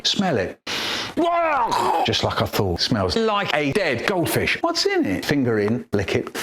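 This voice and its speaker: A man telling comic stories in a theatrical, expressive way, spliced into a choppy cut-up edit with sudden vocal jumps. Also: medium pitch, a little hiss or hum. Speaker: storyteller in a spliced comedy edit.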